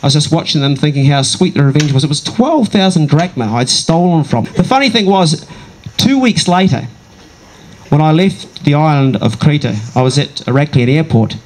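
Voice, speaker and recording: A man telling a comic story from his own life to a live audience, conversational with dramatic pauses and wry asides. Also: on the high side, animated, darkish tone, a little hiss or hum, rough recording. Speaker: comedic storyteller.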